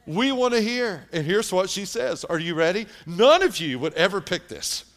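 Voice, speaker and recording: Animated male preacher telling a story. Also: high-pitched, moderate pace. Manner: animated storyteller, shifting from hushed to loud. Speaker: pastor. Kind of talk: sermon storytelling.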